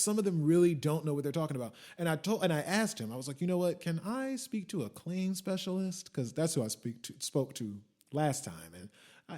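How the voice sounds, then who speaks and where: A man hosting a podcast, telling a story as a profane rant that swings from muttering asides to shouting. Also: fairly high pitch. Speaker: podcast host. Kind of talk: ranting monologue.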